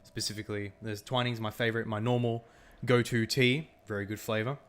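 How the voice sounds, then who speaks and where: A man's voice: fairly low pitch, steady tone, brisk, smooth. A young Australian man chatting casually while streaming a strategy game, laughing often and answering his chat. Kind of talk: casual gameplay commentary with chat.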